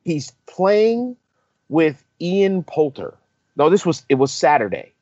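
A man co-hosting a golf podcast, telling a story in a casual, animated way and acting out the quotes. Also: a little high, takes it slowly, dry recording, dull audio. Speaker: podcast co-host, on-course reporter.

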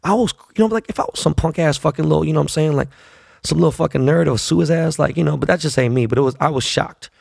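A man's voice: a little high, quick pace, vocal fry, a little mellow, breathy edge, no room sound, studio quality. A man in his forties telling a long, profane story in a casual, rambling way, full of fillers. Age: 40s.

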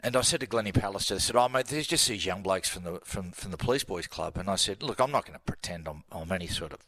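A man's voice: low voice, expressive, fast, pushed and bright, dry recording. An Australian man, a sports commentator guest, telling a laughing story in casual radio chat. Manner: yarn-spinning, laughing storyteller.

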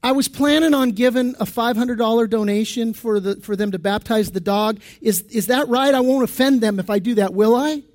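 A man's voice: very high voice, normal speed, few pauses, dry recording. A man voicing a meek, polite man in a told joke, who speaks in an apologetic way.

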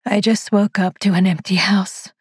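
Woman reading as an aging haunted spinster, frail and frightened, husky voice, dry close sound, hushed storytelling. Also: medium pitch, fairly even intonation, normal speed, no echo. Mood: uneasy. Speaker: narrator. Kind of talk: scripted first-person narration.

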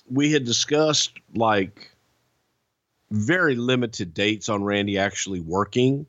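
A man's voice: on the low side, no echo, dull audio. A man hosting a podcast, telling stories in a casual, profane, laughing way. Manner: animated, profane, laughing storyteller. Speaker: podcast host. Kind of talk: casual storytelling.

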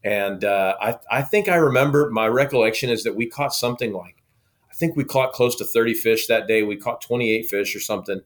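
Oklahoma guy chatting as a guest, animated storyteller, mid-pitched voice. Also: a little fast. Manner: lively, acts out quoted dialogue. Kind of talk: casual storytelling.

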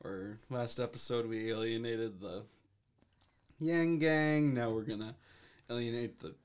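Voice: medium pitch, a little slow, clean tone. A podcast co-host in casual book chat, wry and jokey. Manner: wry, jokey, mock-formal ad voice. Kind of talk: casual chat about books.

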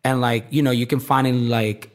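A man talking freely as an interview guest, his voice sitting at an ordinary middle pitch. He fills his stories with "like" and slips into other people's voices when he quotes them. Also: steady tone, brisk. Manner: chatty, leans on "like", acts out quoted voices. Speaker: fashion designer, guest. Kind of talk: casual interview chat.

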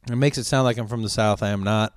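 A man's voice: lowish voice, steady tone, quick pace, no room sound, clean studio sound. A man hosting a podcast, chatting casually through listener questions, drawing out his vowels and rambling with many restarts. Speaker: podcast host; stand-up comedian.

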